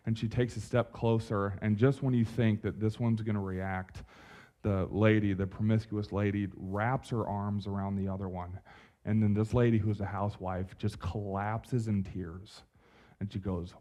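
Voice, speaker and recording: A young adult man preaching a sermon from a church stage, in a casual, animated way with slang and asides to the congregation. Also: lowish voice, moderate pace. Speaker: pastor.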